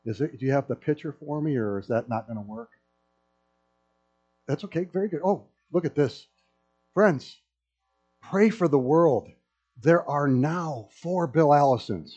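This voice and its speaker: A man's voice: on the high side, measured pace, long pauses, faint music behind. A middle-aged man preaching a sermon to a congregation, telling stories with humor. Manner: storytelling with humor, animated. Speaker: pastor. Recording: dull lo-fi sound.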